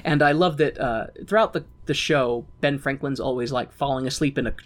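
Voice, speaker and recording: A man's voice: medium pitch, fairly quick. A man co-hosting a podcast, retelling a story in a rambling, laughing casual chat. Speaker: podcast co-host.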